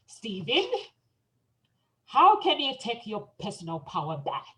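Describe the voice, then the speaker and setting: Woman, talk show host, chatty, animated storytelling, mid-range voice. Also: mid-range voice, unhurried, rough recording. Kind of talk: panel talk show chat.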